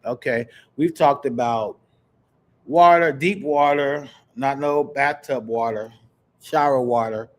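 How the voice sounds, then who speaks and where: A man from Kansas hosting a live podcast, telling stories in an animated, chatty way and talking straight to his viewers. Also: mid-range voice, slow. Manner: animated storyteller, chatty, addresses viewers directly. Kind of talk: casual live-stream chat.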